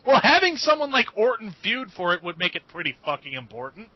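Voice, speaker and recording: Lively, exasperated man griping on a podcast. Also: high-pitched, a little fast, no room sound. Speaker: podcast co-host. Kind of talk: casual chat. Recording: dull, dry lo-fi audio.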